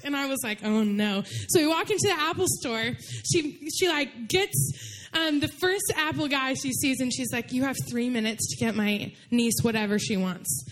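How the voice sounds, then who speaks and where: A young woman preaching a sermon in a chatty storytelling way, full of "like" and quick laughs. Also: high voice, animated, a bit bright, slight background noise. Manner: chatty, full of "like", laughs while telling stories.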